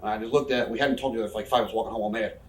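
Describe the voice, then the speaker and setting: A man in his 30s, a pro wrestler guesting on an interview, tells candid, profane stories, rambling, swearing constantly and talking quickly with frequent fillers. His voice is on the low side and steady, far from the mic in a roomy, echoing recording.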